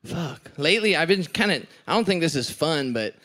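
A man from Hawaii with a fairly high, bright voice tells a story casually. He rambles, giggles and swears as he goes. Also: lively intonation, moderate pace. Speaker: panel guest.

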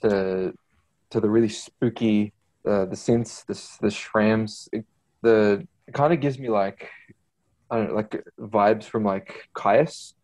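A man's voice: on the low side, steady tone, takes it slowly, a little mellow, poor audio. A man rambling casually about songs on a podcast, hunting for words. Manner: rambling, lots of fillers and restarts. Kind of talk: casual music chat.

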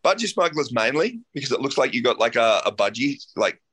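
A man with an Australian accent, a guest musician chatting casually in an interview, playful and quick to laugh. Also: medium pitch, slightly rough. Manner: laughs often, animated and playful.

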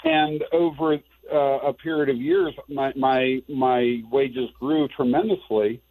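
A man's voice: medium pitch, fairly even intonation, unhurried. A man, a business owner, talking earnestly in a casual panel discussion, rambling with restarts. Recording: tinny phone line.

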